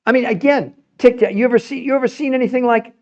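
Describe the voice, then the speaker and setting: A middle-aged man with a fairly high voice argues his point with passion as he hosts a livestream health talk. He often repeats words and restarts his sentences when he gets fired up. The sound is dull and lo-fi. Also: quick pace, darkish tone. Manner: passionate, emphatic, argumentative. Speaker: health show host answering viewer comments.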